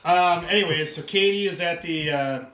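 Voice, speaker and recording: A man's voice: on the high side, moderate pace, crowd noise. A man co-hosting a comedy podcast, improvising a silly story in a playful, giggly and rambling way, in an echoey room. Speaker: podcast co-host. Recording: roomy echo, faint hiss.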